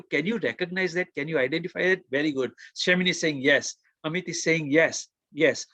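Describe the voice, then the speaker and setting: A man's voice: high voice, fairly bright tone, no room sound. Earnest man hosting a motivational webinar. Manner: earnest, repeats words, asks the audience questions. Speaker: webinar host and coach.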